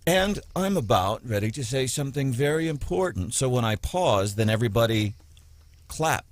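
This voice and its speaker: A man's voice: medium pitch, sing-song, normal speed, no room sound. A man with a Midwestern American accent hosting a morning radio show, rambling and joking sarcastically. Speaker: radio host. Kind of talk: casual talk radio banter. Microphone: studio mic.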